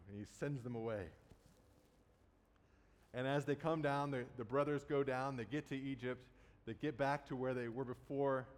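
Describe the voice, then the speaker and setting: A man's voice: medium pitch, steady tone, moderate pace. A man preaching a sermon, retelling a Bible story in a conversational way and casually acting out the quotes. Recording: long hall reverb.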